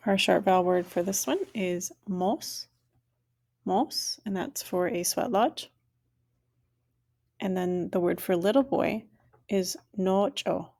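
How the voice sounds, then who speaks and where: Slow, careful woman teaching vowels. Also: medium pitch, a little mellow. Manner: slow, clear enunciation, repeating each word twice. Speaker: language teacher. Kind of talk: online language lesson.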